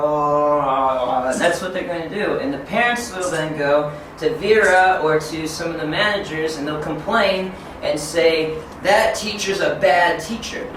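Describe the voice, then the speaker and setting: A man of twenty-nine giving a lively training talk to teachers, acting out classroom scenes as he goes. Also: a little high, unhurried. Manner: animated, acts out classroom scenes. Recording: echoey room, distant mic, faint noise.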